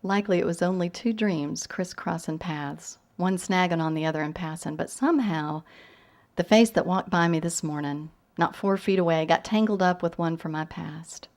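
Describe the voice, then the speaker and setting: A soft-spoken woman with a fading Southern lilt and a slightly low voice. She speaks at a university event, thoughtful and gentle, with pauses. When she reads her fiction aloud, she slows into an unhurried, lyrical pace. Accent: Southern US, softened. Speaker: visiting novelist. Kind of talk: talk with questions, then reading her fiction aloud. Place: university lecture hall.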